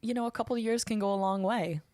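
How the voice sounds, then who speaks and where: A woman's voice: a little high, fast, darkish tone, no room sound, clean studio sound. A woman in her twenties, a guest comedian, talking in a chatty, rambling way and laughing often on a casual podcast. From United States. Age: 20s.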